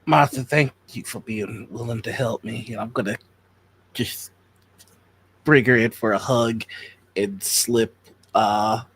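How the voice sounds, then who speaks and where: A man's voice: mid-range voice, steady tone, slow pace, long pauses, fairly bright tone, breathy edge. A man playing a tabletop game, chatting, explaining rules and thinking aloud. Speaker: player.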